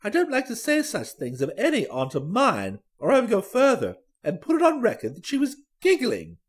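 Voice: mid-range voice, huge pitch swings, moderate pace, husky. Audiobook reader, dry wry young gent telling the story, voice jumps around a lot. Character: young gentleman narrator, dry and amused. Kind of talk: storybook narration.

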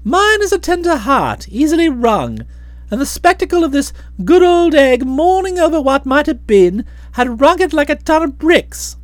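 A woman narrating a comic story for an audiobook in a playful, expressive manner. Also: high-pitched, normal speed, no echo.

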